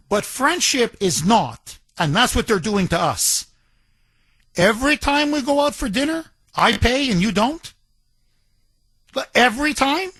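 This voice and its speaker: Man, talk radio host, high pitch, bright tone, emphatic, repetitive. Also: no room sound. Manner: emphatic, repetitive, rhetorical questions. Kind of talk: political talk radio monologue.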